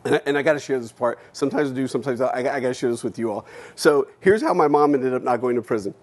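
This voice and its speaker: Male keynote speaker, mid-range voice, blunt and candid, dynamic storytelling with loud and hushed turns. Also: medium pitch, racing. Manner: blunt, candid, swears freely, shifts between loud and hushed. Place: lecture hall.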